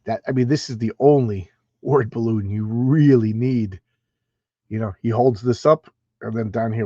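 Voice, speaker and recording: A man's voice: medium pitch, normal speed, mellow, no room sound, lo-fi sound. Chatty man reviewing comics on stream. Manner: chatty, emphatic, frequent restarts. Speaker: comic book channel host. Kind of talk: casual livestream comic review. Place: home room with stacks of comics.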